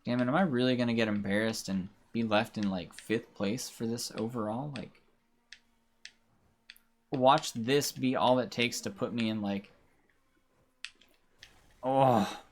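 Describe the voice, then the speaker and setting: Man, livestreamer, casual gameplay commentary, rambling, self-deprecating, mid pitch. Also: fairly even intonation, a little slow, pauses often, slight background noise.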